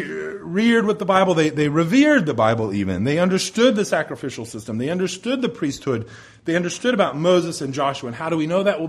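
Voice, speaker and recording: A pastor delivers his sermon in a fairly high male voice. He speaks in an earnest, measured way, pausing to explain and restate his points.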